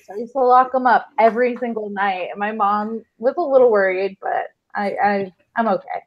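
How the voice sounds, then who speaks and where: A woman's voice: medium pitch, steady tone, fairly quick, hardly any pauses, highs cut off. A woman chatting casually, laughing as she talks. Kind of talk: casual chat.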